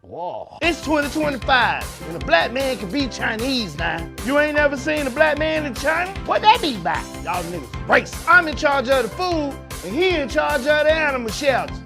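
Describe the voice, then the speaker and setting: A boastful, crude restaurant owner with a fairly high voice, as a podcast host puts him on. He talks loud and brags over music playing underneath. It is a comedy sketch. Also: big pitch swings, moderate pace, hardly any pauses, exaggerated voice.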